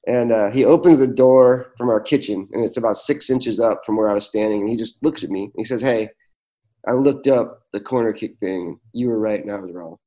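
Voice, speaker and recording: A man tells reflective stories as an interview guest. His voice is warm and mellow. He speaks earnestly, with plenty of fillers and restarts. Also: mid-range voice, brisk, highs cut off. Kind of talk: reflective storytelling in conversation.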